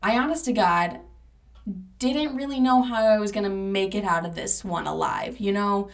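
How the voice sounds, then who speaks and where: A woman's voice: medium pitch, moderate pace, creaky. Woman, young adult, podcast host, candid, profane, emphatic, slightly distant mic. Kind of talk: personal storytelling podcast.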